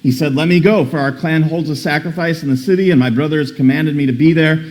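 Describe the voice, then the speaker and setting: A man's voice: on the high side, fast. A man preaching a sermon, reading scripture aloud and commenting in a casual, dramatic way with frequent restarts. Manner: animated, reads scripture then comments with dramatic emphasis; casual asides with repeated word restarts. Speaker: pastor.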